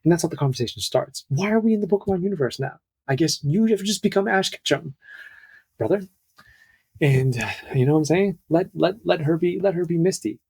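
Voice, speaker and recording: Young male podcast host, slightly high, husky voice, casual, rambling, self-interrupting humor. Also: expressive, a little fast, darkish tone.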